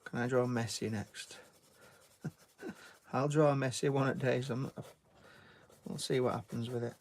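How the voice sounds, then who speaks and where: In an unhurried, steady, mid-range voice, a British artist chats casually on a live stream while teaching drawing. He reads out viewers' names, thanks each one, and calls them "mate."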